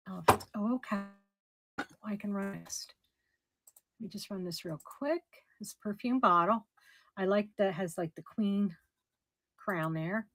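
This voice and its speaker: A middle-aged woman running a casual live auction, chatty and somewhat hoarse as she loses her voice. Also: mid-range voice. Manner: chatty, describes items warmly with soft laughs. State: losing her voice. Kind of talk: casual live-stream selling.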